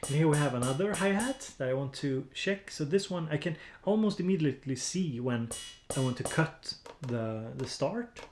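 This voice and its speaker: A man's voice: fairly high pitch, expressive, normal speed, echoey room, over music. Swedish man rambling on a live stream. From Sweden. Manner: rambling, hesitant, many fillers and restarts. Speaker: music producer streamer. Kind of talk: casual live-stream chat while editing samples.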